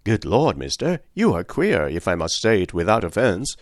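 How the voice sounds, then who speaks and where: A man's voice: lowish voice, big pitch swings, moderate pace, no room sound, clean studio sound. A man reading an audiobook voices a nervous, secretive miner who talks with urgency. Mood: warning. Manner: urgent and hushed at times. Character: nervous middle-aged male miner, secretive.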